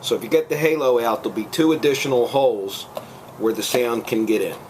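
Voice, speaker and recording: A man talks through a home gadget tip in a plain, patient way. His voice sits at an ordinary middle pitch. A faint hiss runs underneath. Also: fairly quick. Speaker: blogger showing a gadget. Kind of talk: casual demonstration. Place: at home, out front.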